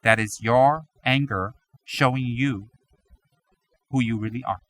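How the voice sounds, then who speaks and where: A man giving a Buddhist teaching, animated and dramatic, acting out his students' complaints. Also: mid-range voice, unhurried, slight background noise. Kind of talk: dharma teaching talk.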